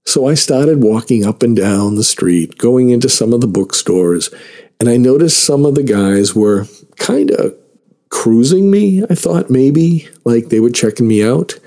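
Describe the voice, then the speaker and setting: A man's voice: mid-range voice, expressive, moderate pace, mellow. A man telling a personal story in a casual, self-mocking way, laughing between lines.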